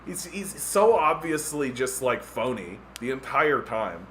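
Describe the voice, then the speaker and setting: Very animated but unhurried, a Canadian man with a medium-pitched, fairly bright voice hosts a podcast over a little hiss or hum. He rants in a casual, sarcastic way, mocking through impressions and filling gaps with "like."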